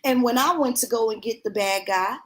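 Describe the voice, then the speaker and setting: Profane ranting woman, high voice. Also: brisk. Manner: profane, heated, mocking. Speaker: commentary vlogger. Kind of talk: ranting commentary.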